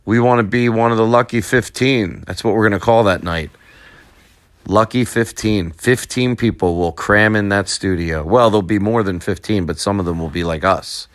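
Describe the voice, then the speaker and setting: Low-voiced man rambling a sign-off. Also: moderate pace, no echo, clean studio sound. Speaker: podcast host. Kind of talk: show sign-off.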